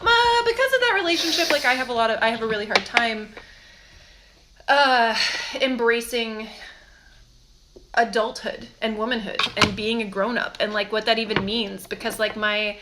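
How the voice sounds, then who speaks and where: A young woman co-hosting a casual tarot chat, halting and giggly, with lots of fillers. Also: on the high side, noisy background. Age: young adult. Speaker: tarot co-host.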